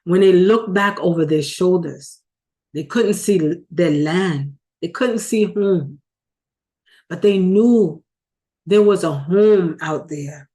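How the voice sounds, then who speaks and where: A woman speaks from her car in a heartfelt, conversational way. Her voice sits a little low. She talks as if to a friend and stays earnest throughout. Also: slow, warm tone. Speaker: video host. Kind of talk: casual vlog commentary.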